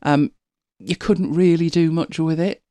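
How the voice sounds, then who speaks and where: A woman's voice: deep voice, fairly even intonation, measured pace, mellow, dry recording. A middle-aged woman chatting casually as a podcast co-host, laughing often and telling stories with animation. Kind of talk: casual chat.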